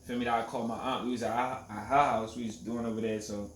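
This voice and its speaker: A twenty-something man hosts a podcast, casually telling stories in street slang and often asking whether you feel him. His mid-range voice moves at a quick pace with fairly even intonation. The recording has a roomy echo, a distant mic, and faint noise.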